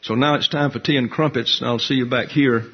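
A man's voice: medium pitch, steady tone, brisk, slightly rough, lo-fi sound. A man teaching a Bible class in a conversational way, asking his listeners questions as he explains.

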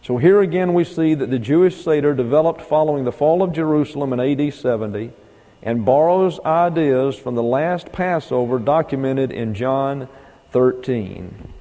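A man's voice: mid-range voice, expressive, moderate pace, dark tone. A man giving a folksy, digressive Bible lecture to a class, spelling out words and numbering his points. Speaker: Bible teacher. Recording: hall with long reverb.

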